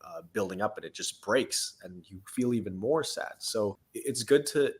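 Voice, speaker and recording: A man's voice: on the low side, animated, moderate pace, slightly rough. A man hosting a recovery interview, encouraging and supportive as he asks his guest questions. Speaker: podcast host. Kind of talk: casual interview.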